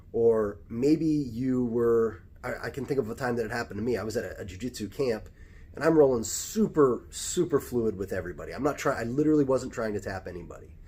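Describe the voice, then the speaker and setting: An American jiu-jitsu instructor with a medium-pitched, husky, darkish voice offers life advice in casual talk. He's reflective and conversational, restarting his sentences frequently.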